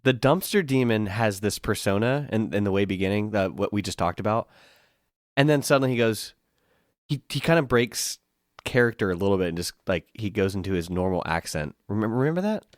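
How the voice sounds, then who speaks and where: A man's voice: lowish voice, expressive, a little fast, dry recording. A man co-hosting a podcast, making wry, dry comments in casual banter. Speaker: podcast co-host.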